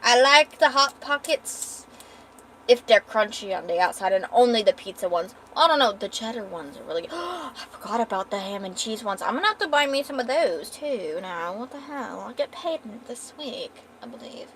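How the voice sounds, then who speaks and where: A woman's voice: a little high, expressive, moderate pace, fairly bright tone, a little hiss or hum. A young woman chatting casually as she draws on a livestream, swearing freely. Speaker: art streamer. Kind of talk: casual livestream chat while drawing.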